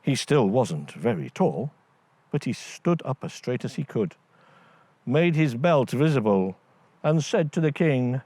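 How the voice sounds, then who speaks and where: A man tells a children's fairy tale at an unhurried pace. His pitch rises and falls a lot as he narrates. The sound is dry and close. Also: no room sound. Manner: lively, voices each character. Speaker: storyteller. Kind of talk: scripted bedtime story narration.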